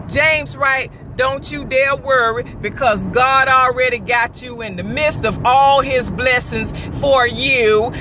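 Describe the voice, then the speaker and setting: Driving home from work, a woman vlogs from her car with a strong opinion, sounding fired up and preachy as she hammers her points again and again. Her voice is high, and background noise can be heard.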